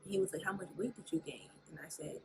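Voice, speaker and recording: A woman's voice: fairly low pitch, quick pace, creaky. A young woman talking candidly to her camera at home, telling a personal story with lots of fillers, while a fan and men playing a video game are heard behind her. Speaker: vlogger. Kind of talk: casual chat. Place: at home indoors. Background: fan noise and men playing a video game.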